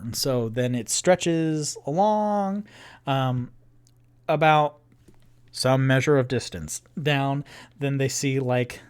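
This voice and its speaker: A man narrating a tabletop game as a solo game master on a livestream, meandering and filling pauses with "um" and "and then". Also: medium pitch, clear, resonant tone. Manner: meandering, filler-heavy narration.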